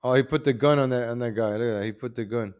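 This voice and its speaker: A man hosting a live commentary stream, animated and repetitive, calling out to viewers as ladies and gentlemen. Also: medium pitch, fast, smooth. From New York.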